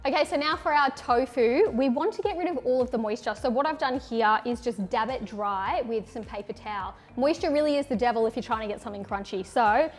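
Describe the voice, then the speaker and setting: A woman's voice: on the high side, brisk, hardly any pauses, soft background music. A woman, a chef talking through a recipe and giving direct tasting critiques in an upbeat way. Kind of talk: casual cooking demo.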